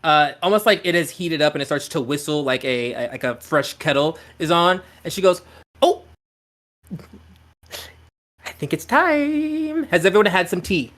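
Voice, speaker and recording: A man's voice: on the high side, a little fast, hardly any pauses, fairly bright tone. A man running a tabletop game as game master, narrating in a rambling way with lots of fillers.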